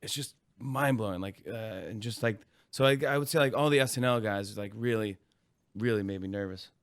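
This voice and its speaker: A man in his forties, a comedian guest in an interview, telling animated stories, acting out voices and laughing often. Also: lowish voice, fairly quick, clean tone. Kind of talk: casual interview chat.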